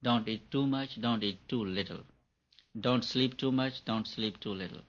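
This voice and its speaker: A man's voice: lowish voice, measured pace. A man giving a spiritual talk on meditation, repeating his points for emphasis. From India. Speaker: meditation teacher. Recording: dull lo-fi recording.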